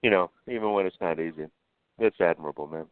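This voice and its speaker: A man's voice: low-pitched, fast, clear, resonant tone, no room sound. A man calling in to a radio show, earnest and laid-back, leaning on lots of "you know". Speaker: caller. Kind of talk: phone-in call. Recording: dry phone line.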